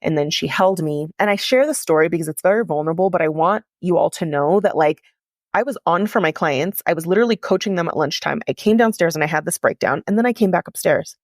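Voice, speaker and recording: Woman, low voice, candid confessional storytelling, dry close sound. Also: fast, no echo. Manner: candid, confessional, heavy use of "like". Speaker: podcast host and coach. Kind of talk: personal storytelling monologue.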